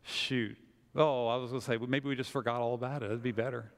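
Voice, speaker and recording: A man preaching a sermon as pastor, telling a story with lively acted-out quotes. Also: mid-range voice, fast, big-room sound.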